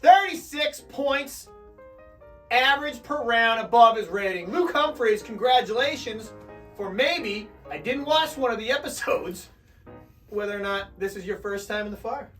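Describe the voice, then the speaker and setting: Loud joking young man co-hosting. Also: very high voice, animated, unhurried. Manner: loud, joking, hyped segment intros. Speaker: podcast co-host. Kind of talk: casual sports banter. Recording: distant mic with faint music.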